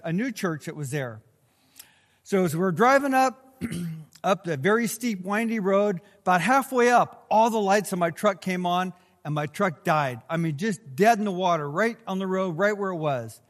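Pastor guy with a high voice, storytelling sermon, long echo like a big sanctuary. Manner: storytelling, acting out his own worried thoughts.

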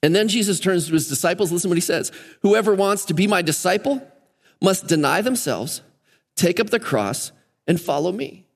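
A man with a high, bright voice preaching a lively sermon. He slips into the voices of the people in the scripture as he tells their stories. His words ring out with a long reverb through a church hall. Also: normal speed, vocal fry. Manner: animated, acts out scripture voices. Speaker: pastor. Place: church sanctuary.

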